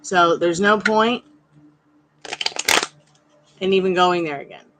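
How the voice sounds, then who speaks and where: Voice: medium pitch, takes it slowly, noisy background. A tarot reader hosting a live stream, chatting casually with viewers and addressing them by name, firm but polite.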